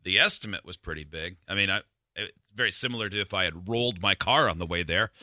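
Man, self-deprecating storyteller, bright forceful voice, dry close sound. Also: sits low, fast talker, dry recording. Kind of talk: casual storytelling chat.

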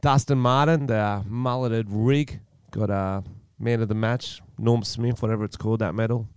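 A man's voice: lowish voice, fairly even intonation, moderate pace, clear, resonant tone, no room sound, clean studio sound. A man with an Australian accent co-hosting a casual comedy podcast, joking around. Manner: joking, slips into silly put-on voices. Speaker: podcast co-host.

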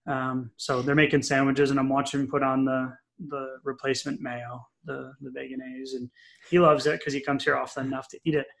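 Middle-aged male podcast co-host, chatty storyteller, mid pitch, lots of ums. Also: brisk, gravelly. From New England. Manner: chatty, animated storyteller with many fillers. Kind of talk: casual podcast chat, storytelling.

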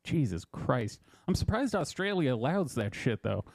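A man's voice: medium pitch, sing-song, moderate pace, no echo. A man co-hosting a podcast in casual banter. He is blunt and crude and laughs often while reading out news stories. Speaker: podcast co-host.

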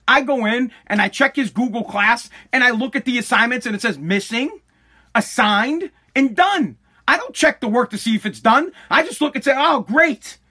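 Man, middle-aged, unusually high voice, profane, animated, self-interrupting. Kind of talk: casual profane storytelling rant.

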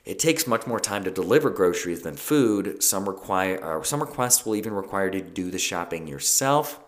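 Male podcast host with a lowish voice, loose and chatty, many fillers and restarts. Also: lively intonation, normal speed. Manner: conversational, with frequent fillers and self-corrections. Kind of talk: casual solo podcast talk.

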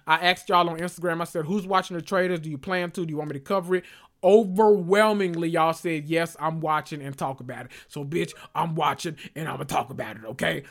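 A male podcast host recapping reality TV in a sassy, animated, gossipy way. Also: on the high side, a little fast. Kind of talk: casual reality TV recap monologue.

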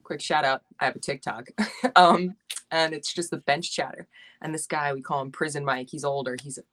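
Brash, low-voiced woman trading trash talk. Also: steady tone, moderate pace, fairly bright tone. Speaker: podcast guest. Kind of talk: casual podcast chat.

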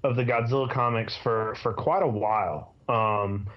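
A man co-hosting a podcast, talking in a hesitant casual way with many pauses and ums. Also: lowish voice, steady tone. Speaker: podcast co-host. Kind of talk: casual chat. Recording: slightly dull sound.

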